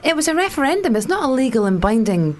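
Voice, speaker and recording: Fast-talking woman, chatty and laughing. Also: high-pitched, big pitch swings, a little mellow. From South Africa. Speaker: guest. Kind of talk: casual political chat.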